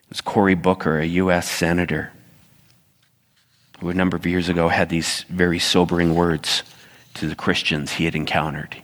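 A man preaching a sermon as a pastor, telling stories and putting animated asides to his congregation. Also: low-pitched, moderate pace, big-room sound.

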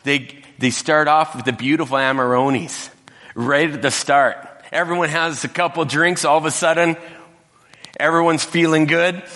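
A man's voice: medium pitch, fairly bright tone, pitched above the performer's own voice. A man voicing an impressed male master of ceremonies at a wedding, speaking in effusive, exclaiming praise. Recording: reverberant hall.

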